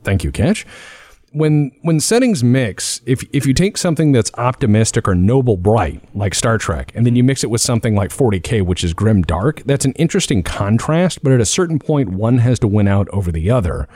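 Animated male podcast host. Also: medium pitch, brisk, no echo. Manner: animated, jumps between ideas. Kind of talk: casual chat.

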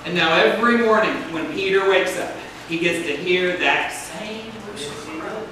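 A man's voice: sits high, moderate pace, a crowd in the background. A male pastor preaching a sermon to a congregation, speaking in a preaching cadence that draws responses from the room. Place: church sanctuary. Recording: echoey hall, picked up from a distance.

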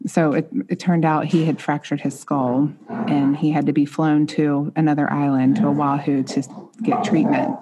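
A woman's voice: low voice, flat delivery, moderate pace, background noise. A woman in her thirties, a mother and podcast guest, earnestly telling a heartfelt personal story in conversation.

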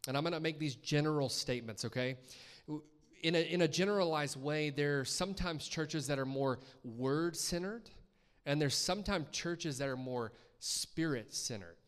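Man, guest preacher, sermon, casual and chatty, questions to the congregation, voice a bit higher than most men. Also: moderate pace, clean tone. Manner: conversational, asks the congregation questions. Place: church.

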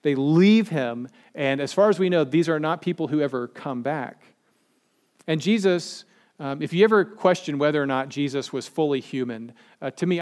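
A male pastor delivers a sermon in a church. He speaks conversationally and addresses his listeners directly, and his voice sits a little above the usual male pitch. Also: darkish tone.

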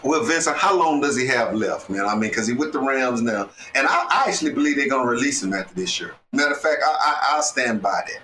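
A man hosting a sports podcast, teasing his co-host with rapid, challenging questions. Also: mid-range voice, expressive, sharp tone, roomy sound, slight background noise. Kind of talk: casual sports debate.

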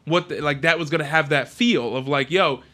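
A man co-hosting a podcast, chatting casually and excitedly about video games, rambling with lots of fillers. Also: a little high, a little fast. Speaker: podcast co-host.

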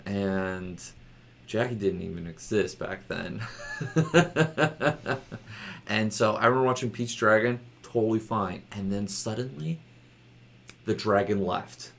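Low-voiced rambling male podcast host. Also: slow pace, vocal fry, pauses often, a bit bright. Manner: rambling, laughs often, many restarts. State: voice a bit rough from a loud night out. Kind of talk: casual chat.

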